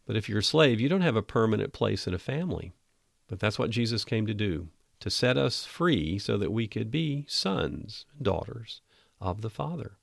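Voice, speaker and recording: Low gravelly guy doing an earnest podcast bible study, dry close sound. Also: sing-song, dry recording. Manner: earnest, emphatic, reads scripture slowly. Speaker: podcast host and Bible teacher.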